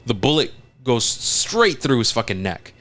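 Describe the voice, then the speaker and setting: A man co-hosting a casual podcast, retelling a scene in animated detail, acting out lines and swearing often. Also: medium pitch, measured pace. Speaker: podcast co-host.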